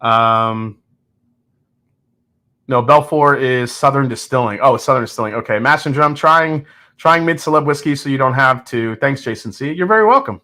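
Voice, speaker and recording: Bright-voiced man chatting on a whiskey stream. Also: medium pitch, normal speed. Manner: candid, joking, with frequent restarts and laughs. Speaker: whiskey reviewer hosting a live stream. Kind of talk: casual live-stream chat, reading viewer comments.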